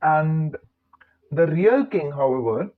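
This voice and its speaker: A man talks to camera in his own vlog, chatty and wandering off into playful asides. His voice sits a little high for a man. It comes through thin and tinny, like a phone call. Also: animated, slow pace. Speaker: channel host. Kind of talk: casual talking-to-camera vlog.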